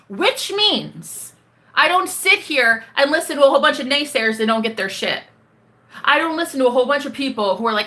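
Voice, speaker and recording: High, lively woman ranting bluntly. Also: normal speed. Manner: blunt, profane, emphatic; calls the viewer honey and baby. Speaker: manifestation coach. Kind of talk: ranting self-talk vlog.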